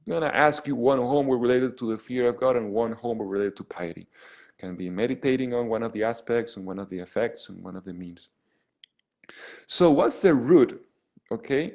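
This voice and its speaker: Speaking in a mid-range voice, a priest offers a heartfelt spiritual lesson online to a group. He regularly starts phrases over, punctuates with "okay?", and shifts between loud, emphatic lines and hushed, gentle ones.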